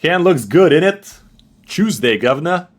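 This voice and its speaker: A man's voice: on the high side, big pitch swings, measured pace, pitched above the performer's own voice. A man putting on a cheeky mock British bloke. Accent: put-on British. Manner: exaggerated, playful slang. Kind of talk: joking impression during gameplay.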